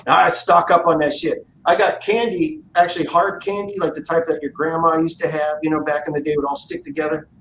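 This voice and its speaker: A man's voice: on the high side, level tone, brisk, few pauses, a bit bright. A man chatting casually on a livestream, telling rambling, profane stories. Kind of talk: casual chat. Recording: roomy echo with faint noise.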